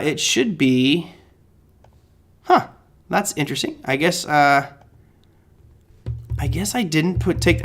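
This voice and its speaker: A man's voice: fairly high pitch, bright, forceful tone. A man hosting a live trading recap show, talking casually and rambling, often correcting himself and breaking into sudden exclamations. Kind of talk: live market recap talk.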